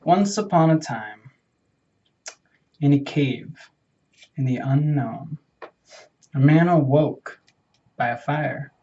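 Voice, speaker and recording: A young man spins a playful, rambling tale while he gets his hair cut, often stopping to correct himself. His voice sits a bit high for a man, and the sound is dull and lo-fi like a home video. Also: slow pace, long pauses, warm tone, slight background noise. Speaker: vlogger. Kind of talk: casual storytelling during a haircut.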